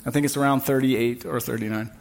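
A man's voice: medium pitch, fairly even intonation, fast, vocal fry. A man preaching a sermon at a church service, emphatic and building on repeated refrains. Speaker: pastor.

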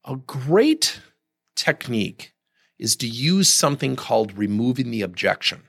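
Animated, gravelly male podcast host. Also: mid-range voice, unhurried. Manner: animated storytelling, acts out quoted people; candid, direct advice. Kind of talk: solo podcast monologue.

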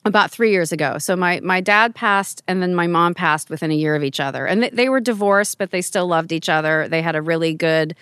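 A woman's voice: fairly low pitch, fairly quick, few pauses, fairly bright tone, smooth, no room sound, poor audio. A middle-aged woman, a podcast guest, telling personal family stories in a casual, emotional way, with frequent restarts. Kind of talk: casual conversational storytelling.

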